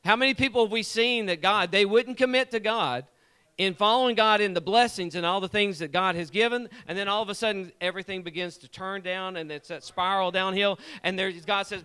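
A man's voice: high-pitched, moderate pace, bright, forceful tone, smooth. A man preaching a sermon in a church, fervent and repetitive, calling out to members of the congregation by name. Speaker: lay preacher and church guitar player. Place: church sanctuary.

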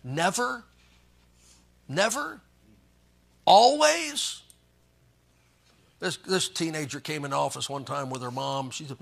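A man's voice: a little high, expressive, slow, gravelly, long pauses, a bit bright, husky. A man preaching a sermon as pastor, reading scripture and joking in a folksy way.

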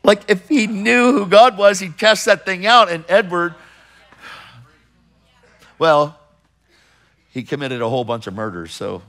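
A middle-aged man preaching a sermon with emphatic urgency, swinging between loud pushes and hushed asides and acting out the voices of people in his stories. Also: sits high, unhurried, pauses often. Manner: acts out others in quoted voices while storytelling.

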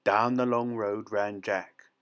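A man reading a fairy tale aloud in a steady, expressive storytelling manner. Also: on the low side, takes it slowly, smooth.

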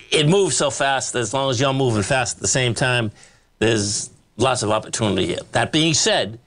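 A man's voice: mid-range voice, a bit bright. A man hosting a live trading show, talking through charts in a rambling, blunt way, full of fillers and repeated "okay, folks". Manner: blunt, emphatic with short laughs. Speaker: market show host.

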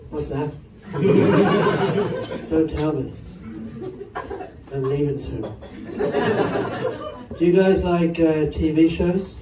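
A man's voice: a little high, extremely slow, long pauses. Male stand-up comic, wry and rambling, recorded live from a distance in a roomy club with audience noise behind. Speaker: stand-up comedian. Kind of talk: stand-up set with crowd work. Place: comedy club stage. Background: audience laughter.

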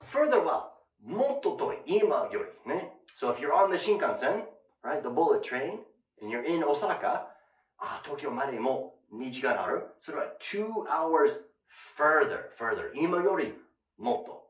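A man's voice: on the high side, very animated, moderate pace, far from the mic, muffled recording. A man teaches English, switching between English and Japanese as he explains, his voice rising and falling a lot. He sits a bit away from the mic, and the room around him rings with echo. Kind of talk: English lesson for Japanese learners.

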